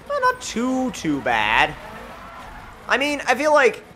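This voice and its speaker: Excitable high-voiced man doing gameplay commentary. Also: slow pace, soft background music. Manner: excitable, jokey, rambling. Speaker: gaming channel host.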